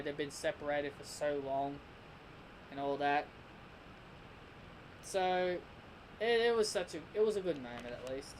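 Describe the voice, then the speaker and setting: A man's voice: a little high, a little hiss or hum, low-quality recording. Rambling young-sounding male reviewer. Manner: rambling, with many restarts and repeated "and". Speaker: episode reviewer. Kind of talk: casual spoken review.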